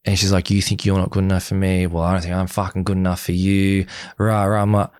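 A man's voice: sits low, fast, few pauses, clear, resonant tone, no room sound. A young man being interviewed, casually recounting events, acting out quoted dialogue and swearing often. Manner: animated retelling, acts out quoted dialogue, frequent swearing. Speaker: guest, former reality show contestant.

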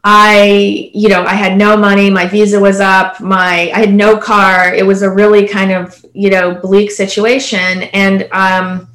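A woman's voice: medium pitch, flat delivery, measured pace, few pauses, fairly bright tone, roomy sound. A woman from Canada in her thirties, a panelist telling her story in an earnest, conversational way with many "like" and "you know" fillers. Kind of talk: casual panel discussion.

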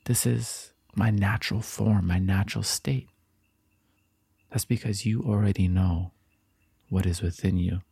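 A man giving a calm, reflective motivational talk, repeating affirmations and sometimes dropping into a soft whisper. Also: fairly low pitch, a little slow, gravelly, long pauses, slightly rough, no room sound. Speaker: motivational speaker.

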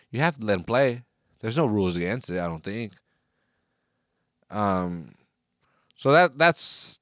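A man's voice: medium pitch, no room sound, clean studio sound. A young man hosting his own podcast alone, swearing a lot, rambling with restarts and working himself up into heated rants. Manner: profane, rambling, with many restarts; gets loud and heated. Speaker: podcast host. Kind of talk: casual solo podcast rant. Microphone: podcast microphone.

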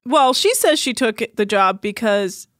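A woman's voice: fairly high pitch, expressive, unhurried, fairly bright tone, no echo, studio quality. A woman co-hosting a podcast, bantering playfully in casual conversation. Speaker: podcast co-host. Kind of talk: casual comedic chat.

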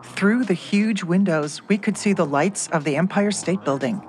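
A woman's voice: medium pitch, normal speed, darkish tone. Woman narrating in first person.

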